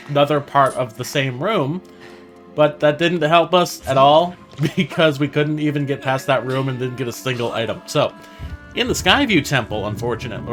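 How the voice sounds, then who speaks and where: A man's voice: fairly high pitch, a bit bright. A man commenting casually on his own video game playthrough, thinking aloud and laughing at his own mistakes. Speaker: gaming channel host. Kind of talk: let's play commentary.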